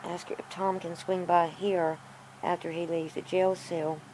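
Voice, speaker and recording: A woman's voice: fairly low pitch, little pitch movement, measured pace, noisy background. A woman rambling casually to her vlog camera, frustrated and in pain from a sore tooth. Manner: rambling, frustrated, self-talking. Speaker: vlogger. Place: outdoors in a yard.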